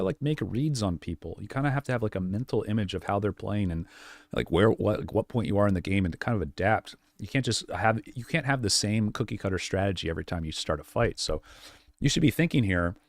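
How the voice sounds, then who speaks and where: A man with a fairly low voice gives live-stream coaching on gameplay. He is blunt and direct, repeats his points and fills the gaps with filler words. The sound is dry and close, with no room echo. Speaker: game coach.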